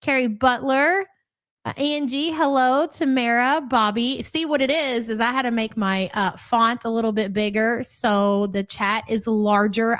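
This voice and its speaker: A woman's voice: mid-range voice, no room sound, clean studio sound. A woman with a cold hosting a live stream, chatting casually and greeting viewers by name one after another. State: stuffy, has a cold.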